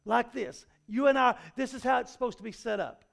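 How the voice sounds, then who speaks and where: Man, very high voice, pastor, folksy conversational sermon, stumbles and restarts. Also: fairly quick, vocal fry, fairly bright tone. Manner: folksy, storytelling with everyday analogies; frequent repeated restarts. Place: church sanctuary.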